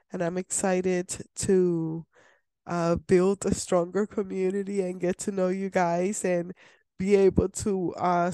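A woman's voice: fairly low pitch, mellow, no room sound. A woman hosting a solo podcast from her desk at home, chatting in a rambling, enthusiastic way. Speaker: podcast host.

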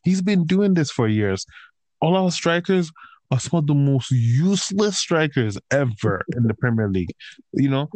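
A man's voice: on the high side, sing-song, normal speed, a little mellow, dry recording. A man in casual chat, ranting heatedly about football with constant swearing and slang. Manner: heated, profane rant with slang like bro. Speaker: podcast host and football fan.

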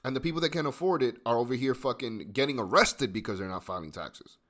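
A man's voice: mid-range voice, fast talker. A man hosting a podcast, ranting emphatically in casual chat and swearing freely. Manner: profane, emphatic, animated ranting. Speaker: podcast host.

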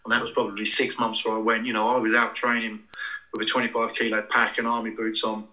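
Bright-voiced man telling stories. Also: lowish voice, completely flat delivery, fast, rough recording. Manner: rambling anecdotal, many restarts and fillers. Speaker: interviewee. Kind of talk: casual storytelling.

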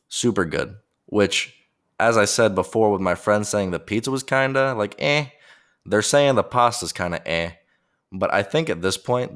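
A man's voice: sits low, a bit bright. A young man from America hosting his own podcast, rambling casually and making jokes at his own expense. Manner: jokey, rambling, self-deprecating. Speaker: podcast host. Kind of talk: casual solo podcast monologue.

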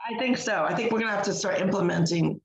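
A woman's voice: mid-range voice, fast, creaky. A woman co-hosting a podcast, telling an indignant story in casual chat, full of fillers and restarts. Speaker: podcast co-host. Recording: echoey room.

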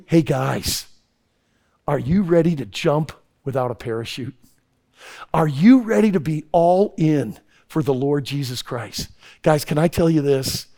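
A man's voice: on the high side, expressive, measured pace, warm tone. A man preaching a sermon to young people, emphatic and repetitive, weaving in a story.

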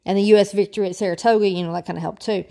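A woman's voice: medium pitch, steady tone, rapid-fire, vocal fry, warm tone. Lady teaching history, chatty and loose, throws in little jokes. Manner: chatty, informal asides, spells out names. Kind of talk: casual lecture.

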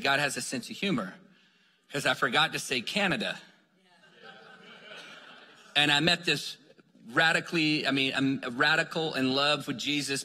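A male preacher delivers an energetic sermon full of stories, pressing his listeners on again and again. His voice is bright and forceful with a husky edge. It rings through a large hall with a long reverb. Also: medium pitch. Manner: energetic, calls "come on" to the crowd. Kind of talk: sermon storytelling.

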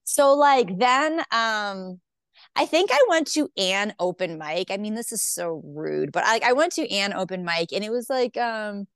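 A woman's voice: mid-range voice, expressive, measured pace, a bit bright, clear, resonant tone, no room sound, studio quality. A woman comedian telling stories in casual chat, acting out quoted voices, saying "like" a lot and swearing freely. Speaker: stand-up comedian guest.

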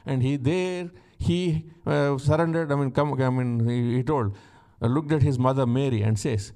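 A man's voice: medium pitch, moderate pace, hardly any pauses, dark tone. A man preaching a sermon, emphatic, repeating his key lines and asking the congregation questions as he explains scripture.

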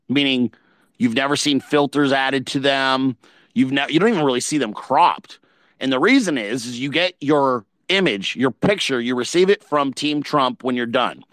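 A man's voice: mid-range voice, a bit bright, no room sound. A man hosting a podcast in casual chat, blunt and profane, telling stories with rising emphasis. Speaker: podcast host.

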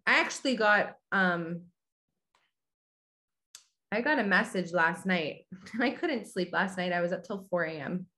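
A woman's voice: lowish voice, expressive, measured pace, long pauses, pushed and bright. A woman hosting a podcast in a casual motivational talk, speaking candidly and bluntly, swearing casually and asking listeners whether they agree. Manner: addresses listeners directly, asks if they agree. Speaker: podcast host.

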